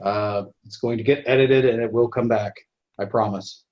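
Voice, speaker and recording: A man's voice: fairly low pitch, fairly even intonation, moderate pace. Hesitant man on a dull call line. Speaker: podcast guest. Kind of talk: casual group podcast chat.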